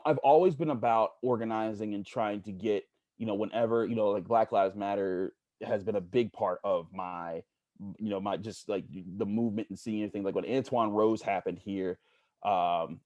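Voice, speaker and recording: A man from Pittsburgh, a sports journalist, talking earnestly as a podcast guest, halting and searching for words. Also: on the low side, darkish tone, dry recording, muffled recording. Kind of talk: casual interview storytelling.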